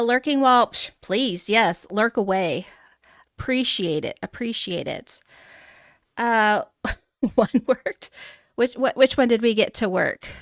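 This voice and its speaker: A woman hosting a casual live stream, bubbly and excitable, giggling as she greets her viewers by name. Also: mid-range voice, no echo, studio quality. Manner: greets chatters warmly by name. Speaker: livestream host.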